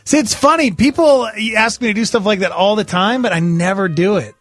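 A man's voice: high voice, brisk, fairly bright tone, dry recording. A man co-hosting a morning radio show, chatting casually with short, easygoing reactions. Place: radio studio.

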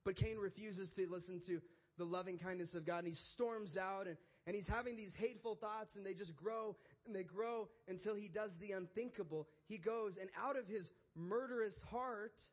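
A young male preacher with a light, high voice, telling his sermon like a chat with friends. He keeps it casual and animated, tossing in "like" and "right?" as he goes. His pace jumps between quick bursts and slower, stressed points. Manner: casual, conversational, animated storytelling with frequent "like" and "right?".

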